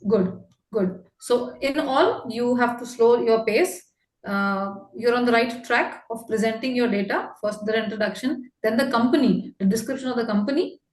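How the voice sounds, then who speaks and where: A woman with an Indian accent coaching a candidate after a mock interview. She is brisk and emphatic, mixing English and Hindi. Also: a little high, reverberant.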